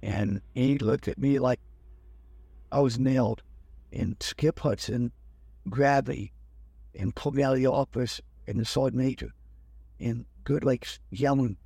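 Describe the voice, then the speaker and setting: Older man with a gravelly, dark voice. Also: medium pitch, no room sound. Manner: rambling, acts out quoted officers. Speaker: guest telling his life story. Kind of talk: casual storytelling.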